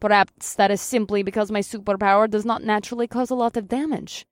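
A woman's voice: mid-range voice, fairly even intonation, fast, no echo, studio quality, lightly acted. Woman doing a haughty Russian superheroine. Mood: cold. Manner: haughty, disdainful. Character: vain, self-centered Russian superheroine, adult woman. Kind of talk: audiobook character voice.

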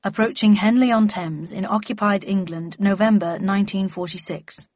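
Older father, read by a woman, wry and calm, slow dry delivery, dry close sound. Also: medium pitch, dry recording, muffled recording, lightly acted. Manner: measured, dry and unhurried.

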